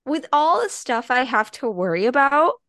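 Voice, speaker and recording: A woman's voice: sits high, sing-song, normal speed, a bit bright, dry recording, clean studio sound. A woman from the American Midwest co-hosting a podcast in casual chat, squeamish and full of fillers. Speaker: podcast co-host.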